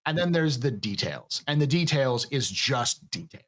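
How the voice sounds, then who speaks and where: A man's voice: mid-range voice, big pitch swings, moderate pace, fairly bright tone. A man co-hosting a live-stream chat, explaining at length with restarts and stretched words. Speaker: podcast co-host.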